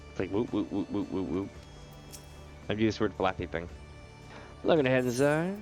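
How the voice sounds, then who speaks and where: A man's voice: lowish voice, big pitch swings, moderate pace, darkish tone. Playful man streaming a game. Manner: playful, swears and laughs. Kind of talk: casual game stream commentary. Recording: dull lo-fi audio with faint music.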